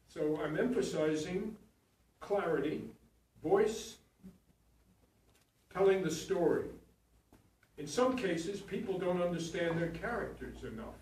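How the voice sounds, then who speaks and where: A man's voice: fairly high pitch, animated, slow pace, pauses often, a little mellow, distant mic. A man who teaches acting, giving frank notes to his students in a coaching manner. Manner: frank, blunt and coaching, with frequent restarts and "you know". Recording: very echoey room, voice from off the mic.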